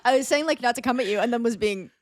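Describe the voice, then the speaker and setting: A woman's voice: a little high, rapid-fire, no echo. Woman cohosting a comedy podcast, dry close mic, chatty, laughs a lot and swears. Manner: animated, laughs often, swears casually. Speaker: podcast co-host. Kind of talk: casual comedic chat.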